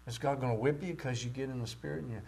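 A man preaching a sermon with great passion, rising to loud cries and dropping to near-whispers. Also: mid-range voice, fast, creaky. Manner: impassioned, swings from shouting to near-whispers.

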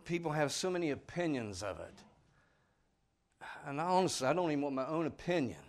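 Folksy preacher guy, earnest and pleading, kinda high voice. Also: animated, brisk. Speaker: pastor. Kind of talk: sermon.

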